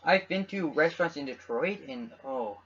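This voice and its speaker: A young Canadian man co-hosts a casual podcast, rambling and often restarting his sentences in a dull lo-fi home recording. His fairly high voice is animated, a bit bright and has a breathy edge, at a normal speed.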